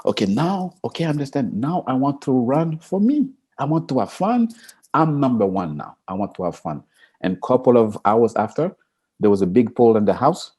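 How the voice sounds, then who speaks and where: A man being interviewed as an Olympic sprinter, telling stories with lively energy, acting out quotes in a high excited voice and laughing. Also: normal speed, husky. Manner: expressive, jumps into high excited pitch, acts out quotes, laughs. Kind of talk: animated interview storytelling.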